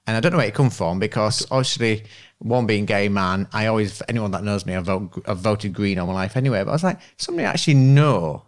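A man's voice: lowish voice, fast talker. A man hosting a casual podcast, blunt and jokey, given to swearing. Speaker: podcast host. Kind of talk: casual chat.

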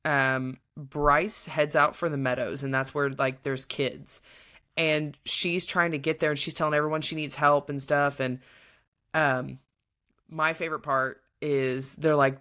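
A woman's voice: deep voice, steady tone, unhurried, fairly bright tone. A young adult woman co-hosting a casual book-review podcast, retelling the plot with animation and acting out the characters' lines. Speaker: podcast co-host.

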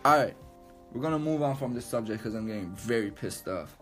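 A man ranting loudly and emphatically, swearing a lot and repeating himself. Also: mid-range voice, animated, brisk, soft background music. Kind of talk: profane rant to camera.

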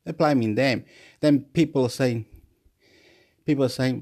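A man rambling excitedly in a monologue vlog, laughing at himself and jumping between topics. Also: mid-range voice, moderate pace. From Australia. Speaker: vlogger.

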